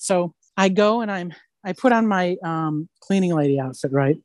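A woman actress tells stories as an interview guest in a lively, rambling way and keeps checking in with "right?". Her voice sits a little low. The sound is dry and close, with no room echo. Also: moderate pace. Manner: animated storyteller, keeps asking "right?". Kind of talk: casual anecdotal interview.

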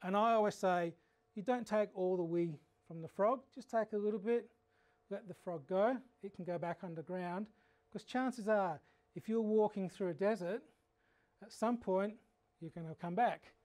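An Australian man teaching a frog identification workshop in a fairly high voice. He tells humorous, animated stories between his explanations of frog habits. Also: moderate pace. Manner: animated anecdotal storytelling. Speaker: frog educator. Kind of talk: workshop lecture.

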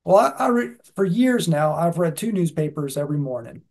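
A man giving a casual Zen dharma talk as the teacher, folksy and halting, with many "uh"s and "um"s as he gathers his thoughts. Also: fairly high pitch, lively intonation, vocal fry, a little mellow.

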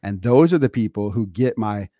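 Male co-host, low voice, earnest and emphatic, dry close mic. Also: expressive, normal speed, mellow, no echo, muffled recording. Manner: earnest, emphatic, lays out points in lists. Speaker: podcast co-host. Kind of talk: casual podcast chat.

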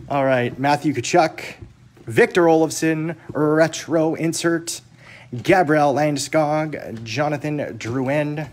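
A man's voice: a little high, slow, a little hiss or hum. A man hosting a hockey card break live, chatting casually and joking with viewers as he rattles off cards. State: jittery from too much caffeine. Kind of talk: casual live-stream chat.

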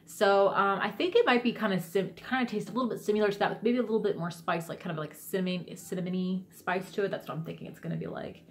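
A woman's voice: mid-range voice, fast, few pauses. A woman vlogging in a casual, rambling way, enthusiastic and full of fillers and restarts. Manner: rambling and enthusiastic, many fillers and self-corrections. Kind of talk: casual chat vlog.

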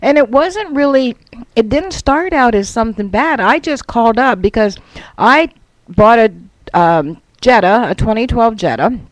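A woman's voice: a little high, animated, measured pace, no echo, low-quality recording. A woman guest on a radio talk show, telling a long rambling story in casual chat.

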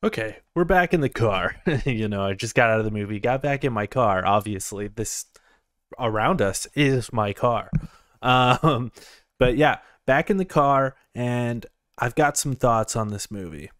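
A man's voice: medium pitch, measured pace, a bit bright, no room sound, clean studio sound. A young man giving a casual review from inside his parked car, rambling, chuckling and repeating words as he goes. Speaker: movie reviewer.

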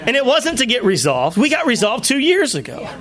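A male pastor preaching a sermon, telling personal stories in an animated way and laughing often. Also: very high voice, a little fast. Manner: animated storytelling with frequent laughter.

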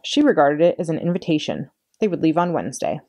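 Low-voiced woman reading a story aloud. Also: fast talker. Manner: expressive, storytelling. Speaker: children's librarian. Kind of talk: read-aloud storytime narration.

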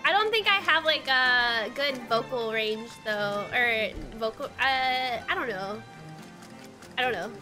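A woman's voice: fairly high pitch, expressive, takes it slowly, sharp tone. Bubbly, giggly young woman. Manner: bubbly, giggly, lots of "like" fillers. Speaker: streamer. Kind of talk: casual chat while livestreaming a game. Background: faint game music.

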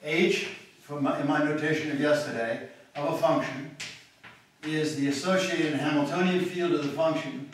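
A man's voice: a little high, steady tone, normal speed. A male mathematics professor giving a university lecture, thinking aloud and often checking in with the class. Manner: thinking aloud, frequent restarts and checks with "okay?". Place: large echoey lecture room. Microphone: distant room mic. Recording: very echoey hall, voice from far off, faint noise.

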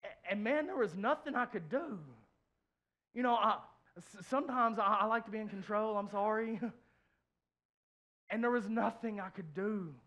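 Man preaching, bright forceful tone, heartfelt testimony, repeats himself, congregation in church. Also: high-pitched, moderate pace, pauses often. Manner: emotional, repeats phrases, swings from soft to loud. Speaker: pastor. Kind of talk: sermon, personal testimony.

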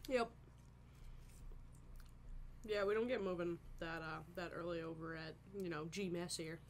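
A woman's voice: fairly low pitch, measured pace, slight background noise. A woman joking crudely and teasingly as a podcast guest. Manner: crude, teasing, deadpan jokes. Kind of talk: casual podcast banter.

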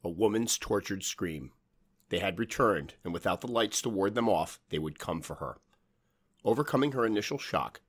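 Low, husky male horror narrator. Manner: measured, dramatic storytelling. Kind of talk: scripted horror story narration.

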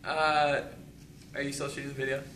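A man's voice: medium pitch, little pitch movement, normal speed, a bit bright. A young man trying out foreign words, joking around and laughing often as he repeats them back. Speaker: student learner. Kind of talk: casual joking. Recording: echoey room with faint noise.

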